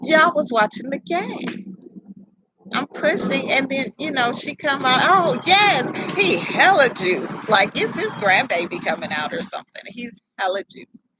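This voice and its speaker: A young adult woman, telling a personal story to camera in a candid, profane, animated way. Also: sits high, moderate pace, a little hiss or hum, rough recording. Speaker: vlogger.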